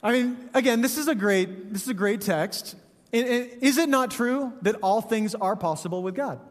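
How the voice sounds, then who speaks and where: A man's voice: high voice, in a large hall. A man, a pastor, preaching a sermon in a conversational, joking way, often asking "right?".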